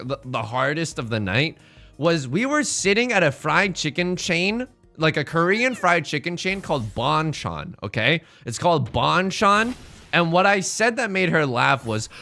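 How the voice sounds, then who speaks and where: A young man chats casually while he plays, his voice slightly high and very bright. His pitch swoops up and down as he rambles through stories and corrects himself on the fly. Faint game music plays underneath. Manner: animated, rambling storyteller with quick self-corrections. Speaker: streamer. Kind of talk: casual chat while playing online mahjong.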